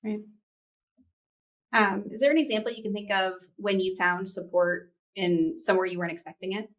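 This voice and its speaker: A woman's voice: medium pitch, fairly even intonation, normal speed. Chatty woman hosting an interview. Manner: agreeable, asks questions, frequent backchannels. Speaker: podcast host. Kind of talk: conversational interview.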